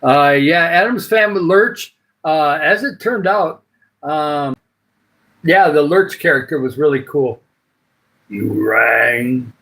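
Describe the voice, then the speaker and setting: Older Michigan man, livestream host, meandering casual chat, filler-heavy, voice sits a bit high. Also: measured pace, fairly bright tone, poor audio. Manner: rambling, many filler uhs. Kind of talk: casual live chat with viewers.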